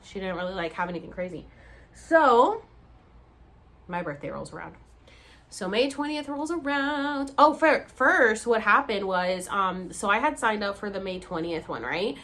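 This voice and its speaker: A woman's voice: mid-range voice, expressive, normal speed, bright, forceful tone. A woman in her thirties, tired and rambling, telling a personal story to camera in a casual vlog with plenty of fillers. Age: 30s. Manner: chatty, rambling, heavy use of "like" and "um". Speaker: vlogger.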